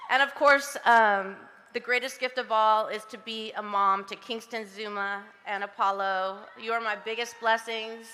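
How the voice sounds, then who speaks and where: A woman's voice: on the high side, fairly even intonation, normal speed, few pauses, noisy background. A woman in her fifties from Southern California giving an emotional acceptance speech at an outdoor ceremony, gushing and laughing often as she talks. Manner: breathless, giggly, gushing with frequent laughs. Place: outdoor ceremony on a public street. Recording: PA speech with long street echo.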